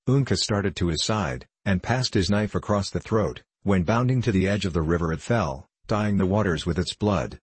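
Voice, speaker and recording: Male audiobook narrator, steady measured read; low, husky, dry close sound. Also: no room sound. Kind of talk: scripted narration.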